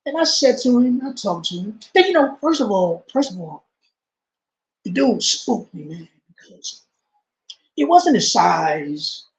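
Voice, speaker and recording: A man with a fairly high voice tells a story in an interview. He talks in street slang and repeats himself. He drops to a low, quiet voice when he quotes someone. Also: sing-song, a little slow, rough recording. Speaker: interview guest.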